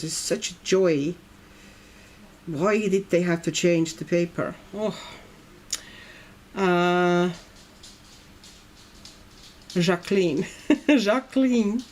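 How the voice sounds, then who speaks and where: A woman's voice: lowish voice, takes it slowly, a little mellow. Chatty woman coloring on a livestream. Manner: chatty, reads viewer comments aloud and muses. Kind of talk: casual chat while coloring. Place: at home in Brazil.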